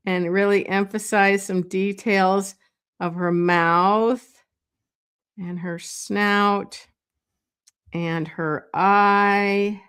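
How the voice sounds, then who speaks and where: A woman's voice: mid-range voice, fairly bright tone, clear, resonant tone. A woman teaching a drawing lesson, thinking aloud with fillers as she works. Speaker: art teacher. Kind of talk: drawing tutorial.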